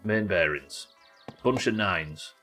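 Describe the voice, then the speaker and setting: A man's voice: sits low, expressive, takes it slowly, bright, forceful tone, soft background music. A young man from the UK doing chatty, sweary live commentary as he plays, talking to his chat. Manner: chatty, sweary, talks to chat while working. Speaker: streamer.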